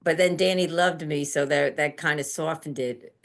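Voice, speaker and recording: A middle-aged woman answering interview questions gently, halting and restarting as she talks. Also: low-pitched, fairly even intonation. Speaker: interview guest, end-of-life doula.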